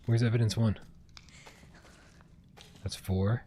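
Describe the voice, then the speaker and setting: A man's voice: lowish voice, fairly even intonation, takes it slowly, mellow, a little hiss or hum. A man streaming a video game, chatting casually and reading on-screen text aloud. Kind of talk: casual gameplay commentary.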